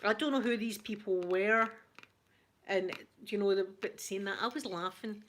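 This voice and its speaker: A Scottish woman hosting her channel, telling a story in casual, animated chat. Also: mid-range voice, normal speed, slight background noise. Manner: chatty, animated anecdote telling. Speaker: ASMR channel host.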